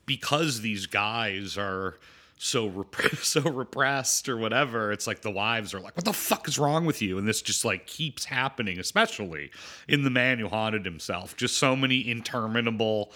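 A man's voice: fairly low pitch, moderate pace, bright, forceful tone. A man co-hosting a podcast, talking casually and rambling about films while acting out lines from them. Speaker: podcast co-host. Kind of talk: casual film discussion.

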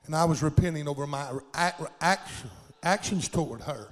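A man's voice: fairly high pitch, moderate pace, big-room sound. An older man preaching a sermon in a church sanctuary, with impassioned, folksy delivery and plain country grammar.

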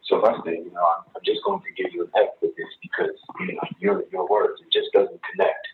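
A man quoting his old college poetry teacher, a woman, in a rough French accent, over a tinny phone-like line. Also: deep voice, fairly even intonation, a little fast, distant mic, noisy background. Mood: dismissive.

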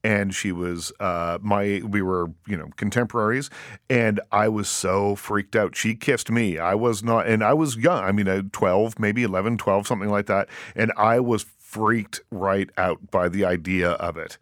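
A man interviewing a filmmaker in a relaxed, chatty way. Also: lowish voice, moderate pace, no echo, studio quality. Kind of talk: interview conversation.

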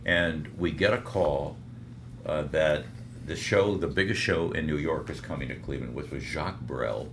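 A man's voice: rumbling low, moderate pace, noisy background. An older man, a veteran radio broadcaster, telling stories as a guest in a casual interview, with frequent restarts. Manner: animated storyteller with frequent restarts.

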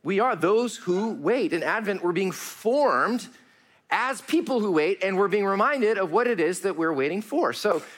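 A man preaching a sermon. His voice is fairly high for a man and very lively in pitch. He swings between raised, pleading lines and hushed, low passages, and speaks to his listeners as friends. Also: normal speed. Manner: addresses congregation warmly as friends, uses y'all. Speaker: pastor.

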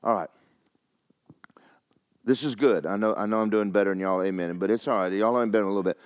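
A middle-aged man preaching a sermon in folksy storytelling, swinging from hushed tones to excited shouting. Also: on the low side, moderate pace, long pauses, dry recording, studio quality.

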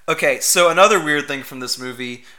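A man's voice: fairly high pitch, brisk, bright, forceful tone. A man co-hosting a podcast, casually recapping a movie in an easygoing, wry way. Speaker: podcast co-host. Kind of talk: casual movie-review chat.

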